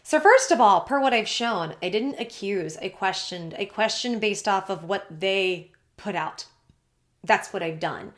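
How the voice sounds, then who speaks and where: Young woman, commentary host: bright tone, indignant, sarcastic edge, casual delivery. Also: medium pitch. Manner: chatty, indignant, sarcastic asides. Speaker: commentary YouTuber.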